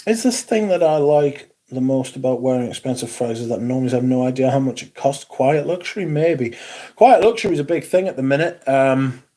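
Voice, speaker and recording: A man's voice: medium pitch, animated, a little fast, dark tone. Sweary Geordie man chatting on a livestream. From Newcastle, England. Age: 40s. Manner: blunt and sweary, with a dry sarcastic edge. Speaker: livestream host. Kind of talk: casual livestream chat reading comments.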